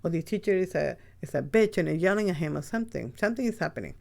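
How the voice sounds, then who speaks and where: A podcast host talks in a loose, rambling monologue with a gravelly, creaky edge to the voice. The delivery is blunt and peppered with swearing, stopping and restarting mid-thought. The pitch sits in a middle range. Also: expressive, fast, darkish tone. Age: adult with a child. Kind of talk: casual spoken monologue.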